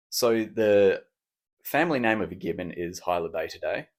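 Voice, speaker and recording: A man hosting a solo podcast, chatting in a rambling, cheeky, self-mocking way. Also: sits low. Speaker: podcast host. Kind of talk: casual solo podcast chat.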